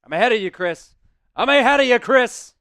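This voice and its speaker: A man hosting a live stream, chatting with viewers and shouting excited play-by-play football calls. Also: extremely high pitch, a little fast, clear, resonant tone, dry recording.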